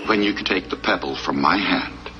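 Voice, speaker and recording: An actor playing a stern, calm man who orders a rival to leave, in a film clip. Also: sits low, moderate pace, muffled recording, close to an everyday voice. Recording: film audio under loud music.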